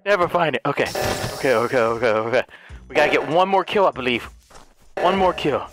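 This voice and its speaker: A gaming YouTuber, a man, chatting excitedly and laughing with friends during a game, with sudden loud outbursts. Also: mid-range voice, brisk, over music. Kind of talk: casual gameplay chat.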